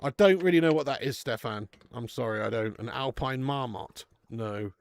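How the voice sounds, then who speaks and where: A man's voice: mid-range voice, normal speed, vocal fry, no echo. A man hosting a live football watch-along, chatting casually, laughing often and swearing freely as he reads out viewers' messages. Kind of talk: casual live stream chat.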